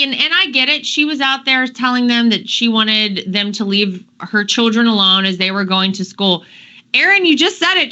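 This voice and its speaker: A woman's voice: a little high, pushed and bright, lo-fi sound. A woman hosting a casual panel talk show, chatty and incredulous, often trailing off.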